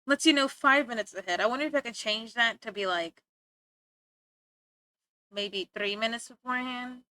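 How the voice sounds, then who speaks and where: A woman's voice: fairly high pitch, moderate pace, pushed and bright, dry recording. A young woman streamer chatting playfully with her viewers, teasing and giggling as she talks. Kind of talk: casual chat with stream viewers.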